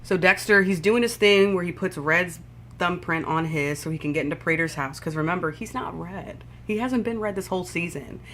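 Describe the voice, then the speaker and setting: A woman vlogger recapping a TV episode in a casual, profane, animated storytelling way, with sound effects. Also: on the low side, a little fast, slight background noise.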